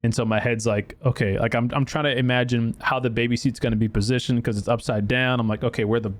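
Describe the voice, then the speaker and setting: A man's voice: medium pitch, quick pace. A man hosting a podcast, telling a story casually, with profanity and many fillers and restarts. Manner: profane, animated storytelling with acted quotes. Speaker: podcast host.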